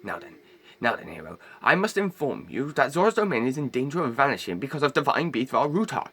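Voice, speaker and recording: A man voicing a huge, regal old male fish king who is warm-hearted, in formal, old-fashioned speech, as an amateur game voice-over. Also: mid-range voice, very animated, brisk, breathy edge, full character voice. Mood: grave.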